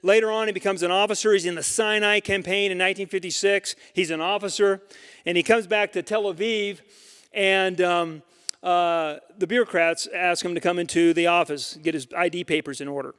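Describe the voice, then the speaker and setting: A man's voice: high-pitched, a little fast, clear, resonant tone. A man giving a storytelling lecture as a guest speaker, animatedly acting out the dialogue of the people in his stories. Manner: animated, acts out quoted dialogue. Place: synagogue hall. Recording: hall reverb.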